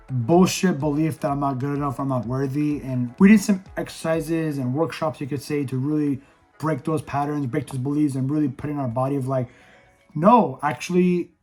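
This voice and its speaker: A young man whose voice is worn hoarse from days of yelling, pitched a touch high. He talks in a blunt, profane, fired-up way, like a candid vlog straight to camera. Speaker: vlogger reviewing an event. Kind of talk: casual candid monologue.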